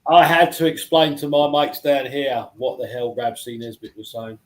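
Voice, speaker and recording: A relaxed male podcast host with a voice of medium pitch. He mostly drops in short replies and now and then tells a quick anecdote, all in an easy conversational tone. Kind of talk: casual chat.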